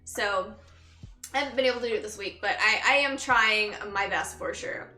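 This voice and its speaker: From her bedroom, a young woman from Texas talks with her livestream viewers by name, worn out but casual. She speaks at a moderate pace in a bright, forceful, mid-range voice, with echo and background music in the recording.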